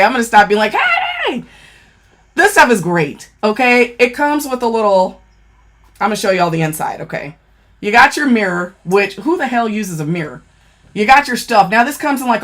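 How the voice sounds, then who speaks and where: A woman giving a casual makeup product review, blunt and profane, who keeps checking in with "okay?". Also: medium pitch. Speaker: beauty vlogger.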